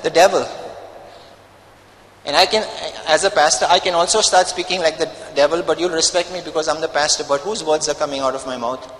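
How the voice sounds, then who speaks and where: High-voiced emphatic preaching pastor. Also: male voice, a bit bright, in a large hall, poor audio. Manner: emphatic, preaching with rhetorical questions. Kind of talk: sermon.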